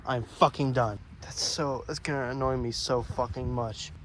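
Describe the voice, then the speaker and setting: A man's voice: medium pitch, steady tone, moderate pace, heavy background noise. Frustrated young man swearing over car repairs. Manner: frustrated, swearing, muttering to himself. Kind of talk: profane self-filmed repair vlog. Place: outdoors working on a car at night.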